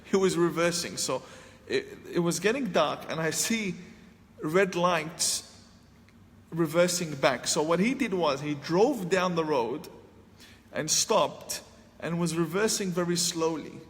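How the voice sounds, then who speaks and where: A man's voice: a little high, unhurried. A man telling a personal story to an audience, acting out his own past lines with a sharply raised voice. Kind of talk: storytelling talk. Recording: long hall reverb, faint ambient noise.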